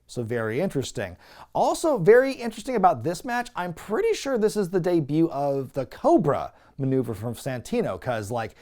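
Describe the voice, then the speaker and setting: Animated sarcastic man recapping wrestling. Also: a little high. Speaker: wrestling review show host. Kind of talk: casual recap commentary.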